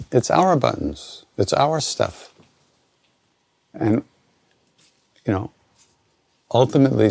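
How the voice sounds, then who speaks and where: Older American man with a gravelly voice. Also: lowish voice, no room sound. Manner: relaxed, conversational, self-interrupting. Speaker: spiritual teacher answering questions. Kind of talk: informal spoken Q&A teaching.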